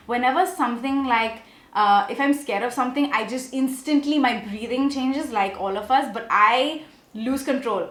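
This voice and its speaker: A young woman with a fairly high voice talks in a chatty, animated way, walking through a makeup routine and then a story. Her voice rings a little in a roomy, echoey space. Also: normal speed. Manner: chatty, animated, often asks okay?. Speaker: beauty vlogger. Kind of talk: casual makeup tutorial and storytelling.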